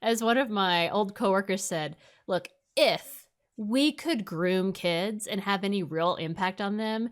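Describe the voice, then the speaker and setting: A woman's voice: mid-range voice, measured pace. Woman cohost on a podcast rant, lots of "like", gets worked up. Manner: emphatic, ranting, lots of "like". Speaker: podcast co-host. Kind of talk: casual chat.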